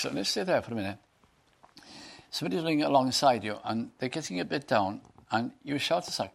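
A man's voice: mid-range voice, expressive, moderate pace, creaky. A man preaching a sermon, reading scripture aloud and putting earnest questions to his listeners.

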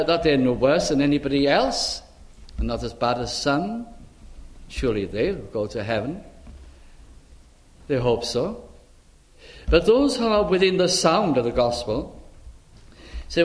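An older man from Britain preaching a sermon, asking rhetorical questions and voicing imagined speakers. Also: fairly high pitch.

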